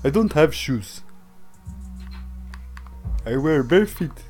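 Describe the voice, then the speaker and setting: A man's voice: on the high side, animated, darkish tone, soft background music. A man putting on a stern accented stranger. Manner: slow, commanding, clipped phrases. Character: stern foreign man shooing people off.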